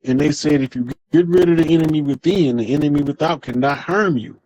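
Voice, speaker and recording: A man's voice: fairly high pitch, brisk, a little mellow, breathy edge, no room sound, low-quality recording. A man speaking as an interview guest in a loose, emphatic storytelling style, swearing freely and acting out the voices of people he quotes. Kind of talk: casual storytelling monologue.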